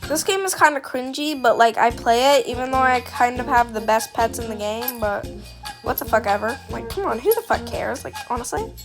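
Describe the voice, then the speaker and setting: A woman's voice: fairly high pitch, expressive, brisk, over music. A young woman chatting casually and self-consciously while playing a game, rambling, apologizing and swearing. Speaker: gaming video creator. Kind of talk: casual gameplay commentary.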